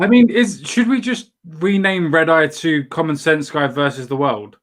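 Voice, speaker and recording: A man's voice: fairly high pitch, unhurried, fairly bright tone. A man hosting a casual chat show, swearing freely and often restarting his sentences. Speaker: show host.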